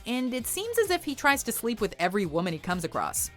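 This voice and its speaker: A woman reads a scripted countdown with a wry, playful edge. Her pitch sits a touch high and swings widely from phrase to phrase. Faint music plays beneath her. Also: huge pitch swings, fast talker. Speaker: countdown narrator.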